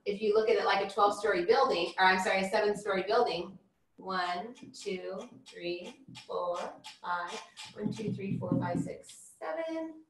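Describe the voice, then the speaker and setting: A woman leads an informal spiritual class and explains things in a loose, chatty way, doubling back on her words. Her voice sits at an ordinary middle pitch. The room around her echoes noticeably. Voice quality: rambling, chatty, many restarts and fillers. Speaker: spiritual teacher.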